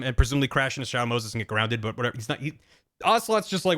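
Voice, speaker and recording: A man's voice: mid-range voice, big pitch swings, very fast, music in the background. A young man streaming a casual plot recap, rambling and chatty with lots of fillers. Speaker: streamer host.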